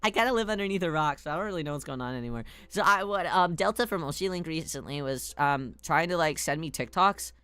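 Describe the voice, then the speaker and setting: A woman's voice: deep voice, animated, fast, few pauses, a bit bright, clean tone, no echo. A woman streaming a game, chatting playfully with viewers, swearing and laughing as she reacts. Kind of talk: casual game streaming chat.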